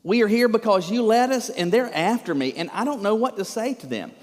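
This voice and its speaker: A man voicing an aged, furious prophet who bursts out in loud, indignant complaints. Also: sits high, moderate pace, in a large hall, lightly acted. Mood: exasperated. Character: exasperated furious aged male prophet leader.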